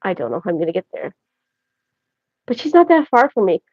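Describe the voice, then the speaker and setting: A woman's voice: medium pitch, big pitch swings, brisk, darkish tone, slightly rough, no echo. Chatty woman on a livestream. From Canada. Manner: rambling, chatty and joking, talks straight to viewers. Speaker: livestream host. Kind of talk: casual livestream chat. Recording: dry, dull lo-fi audio.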